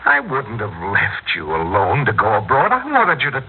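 A man's voice: mid-range voice, huge pitch swings, normal speed, slightly rough, full character voice. An actor playing a weary middle-aged husband confronting his wife in an old radio drama, pleading and anguished. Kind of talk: 1950s radio acting. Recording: tinny old radio recording.

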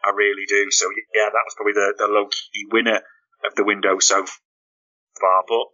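A man's voice: on the low side, flat delivery, a little fast, sharp tone, lo-fi sound. A man co-hosting a football podcast, chatting casually and telling stories with energy. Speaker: podcast co-host.

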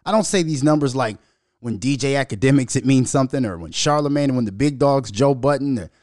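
A young adult man from Minnesota hosting a casual solo podcast, telling a story in a profane, animated way and laughing as he goes. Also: mid-range voice, fast talker, no room sound, clean studio sound. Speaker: podcast host.

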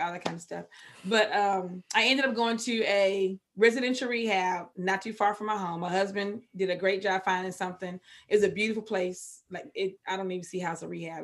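A Texan woman telling her recovery story as a podcast guest, candid and emotional, with sudden loud outbursts. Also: mid-range voice. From Texas.

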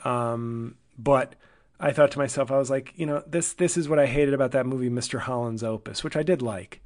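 A man's voice: mid-range voice, brisk, darkish tone. Rambling sardonic man hosting a podcast. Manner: rambling, self-deprecating, sardonic, profane. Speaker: comedian podcast host. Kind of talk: solo casual monologue.

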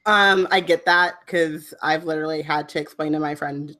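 A woman co-hosting a casual podcast, animated and teasing, leaning on "like" and acting out the voices she quotes. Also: low voice, normal speed. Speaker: podcast co-host. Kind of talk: casual chat.

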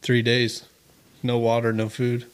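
A man's voice: mid-range voice, completely flat delivery, a little slow, a little hiss or hum. A man hosting a podcast, chatting casually and teasing his friends with jokes. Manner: joking, teasing banter. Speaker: podcast host. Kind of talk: casual chat.

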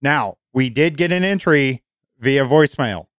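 Middle-aged male podcast host, clear and lively, enthusiastic, dry close mic. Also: mid-range voice, unhurried, dry recording. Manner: enthusiastic, repeats words when starting sentences. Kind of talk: casual podcast chat.

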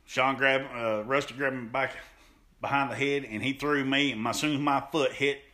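A pro wrestler guests on a podcast, animatedly telling stories in an interview, acting out what people said and laughing often. He has a mid-range voice at a normal speed.

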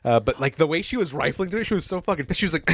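Fast-talking young man telling a story. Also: a little high, lively intonation. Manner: profane, acts out quoted voices. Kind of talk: casual storytelling chat.

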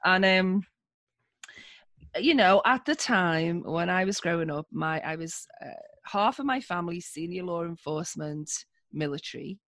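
A woman's voice: lowish voice, expressive, unhurried, a bit bright, no room sound. A woman with a Liverpool accent, a podcast guest telling stories in a chatty way, laughing often and filling gaps with ums. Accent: Liverpool (Scouse). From Liverpool, England. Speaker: podcast guest, social engineer. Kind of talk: casual interview storytelling.

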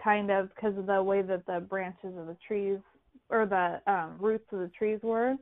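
A woman's voice: medium pitch, unhurried. A woman calling in, telling a story in casual chat and acting out the voices she quotes. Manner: animated, acts out quoted voices. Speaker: caller. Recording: tinny phone line.

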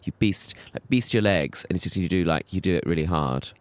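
Camp, lively man chatting. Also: low-pitched, fairly quick. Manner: camp, playful and teasing. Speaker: podcast co-host. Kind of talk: casual chat.

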